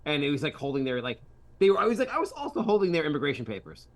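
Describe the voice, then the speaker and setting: A man co-hosting a casual comedy podcast, playful and riffing, jumping into quick bits. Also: on the high side, sing-song. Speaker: podcast co-host.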